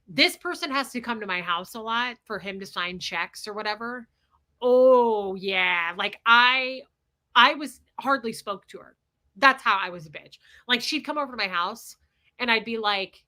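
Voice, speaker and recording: A woman hosting a livestream, telling a personal story in a candid, blunt, animated way. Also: on the high side, unhurried. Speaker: livestream host.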